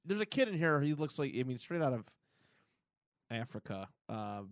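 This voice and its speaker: A man's voice: medium pitch, big pitch swings, moderate pace, dry recording, clean studio sound. Casual male comic podcast host. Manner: retells comic scenes with laughs and filler. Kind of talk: casual chat.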